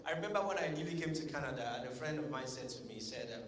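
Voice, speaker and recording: A man's voice: mid-range voice, very fast, few pauses, slight background noise. Nigerian man doing stand-up in a hall. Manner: storytelling with pidgin asides and acted quotes. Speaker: stand-up comedian. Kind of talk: stand-up comedy set at a tech summit. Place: large conference hall. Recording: echoey hall, distant mic.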